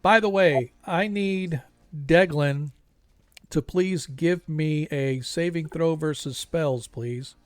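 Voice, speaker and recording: A man's voice: on the high side, takes it slowly, clear, resonant tone. A man running a tabletop role-playing game as game master, easygoing and rambling with frequent fillers, over an online voice call.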